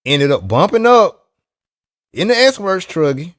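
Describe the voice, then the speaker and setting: A man's voice: high voice, sing-song, slow, no room sound, clean studio sound. A man talking loosely and teasingly in a casual chat about RC racing, with plenty of restarts. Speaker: RC racing vlogger.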